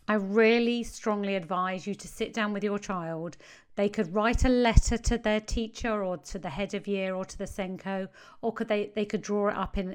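A woman, a parenting coach giving earnest advice to parents and stressing key phrases. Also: medium pitch.

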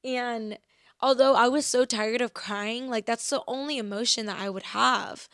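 Earnest woman, faith talk, slightly high voice, dry close sound. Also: steady tone, fairly bright tone, dry recording. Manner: earnest, reflective, reads verses slowly. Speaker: faith podcast host. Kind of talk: personal faith talk with scripture reading.

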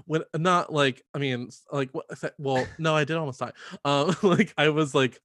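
A man chatting casually on a podcast, telling animated stories, laughing often and filling his talk with "like". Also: a little high, moderate pace, dry recording, clean studio sound. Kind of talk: casual storytelling chat.

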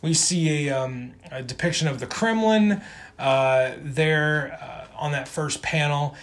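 Brief: male co-host with a fairly high voice, relaxed, rambling comic recap. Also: takes it slowly. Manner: rambling, many ums and restarts. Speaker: podcast co-host. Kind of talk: casual comic book recap.

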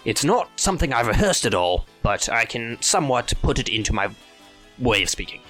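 A man's voice: mid-range voice, big pitch swings, a little fast, a bit bright, faint music behind. A man chatting as a player in a tabletop game, in an offhand, wry way.

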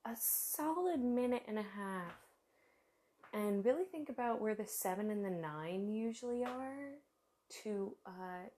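A woman's voice: mid-range voice, a little mellow. A woman hosting her own podcast, chatting in a casual, rambling, self-deprecating way, tired after little sleep. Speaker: podcast host. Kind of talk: casual solo podcast chat.

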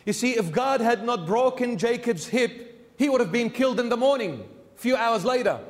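A bishop preaching a sermon in a church, telling the story animatedly and acting out its characters. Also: male voice, extremely high pitch, lively intonation, normal speed, big-room sound.

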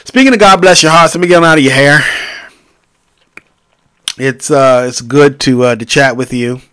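A man hosting a casual solo podcast, rambling and profane, with sudden loud outbursts. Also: mid-range voice, normal speed, smooth, dry recording. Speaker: podcast host.

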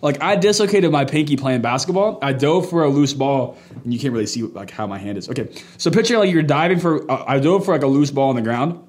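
A young man hosting a casual faith podcast, loud and quick to laugh, telling animated stories. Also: medium pitch. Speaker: podcast host. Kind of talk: casual chat.

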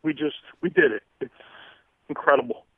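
A man's voice: on the high side, moderate pace, husky, dry recording. A man calling in to a radio show, emotional and choked up, repeating himself as he talks. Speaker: caller. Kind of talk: phone call to a sports radio show. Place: on the phone. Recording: tinny phone line.

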